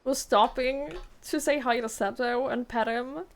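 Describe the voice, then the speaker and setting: A woman's voice: a little high, steady tone, measured pace. A young woman streaming a game, chatting in a rambling, giggly way and swearing casually. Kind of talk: casual chat while gaming.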